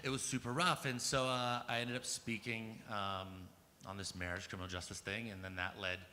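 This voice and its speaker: A man's voice: lowish voice, level tone, moderate pace, bright, forceful tone, slight background noise. Fired-up man telling his story in a hall. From United States. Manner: casual and profane, heavy use of "like" and "um"; grows fired up and emphatic. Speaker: conference speaker. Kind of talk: personal storytelling talk. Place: large conference hall. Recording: long hall reverb with faint ambience.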